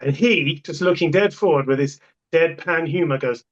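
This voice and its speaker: A man who supplies portable toilets appears as a podcast guest, telling stories casually and emphatically and repeating himself for effect. His voice is on the high side at a moderate pace, and the recording has a dull lo-fi sound.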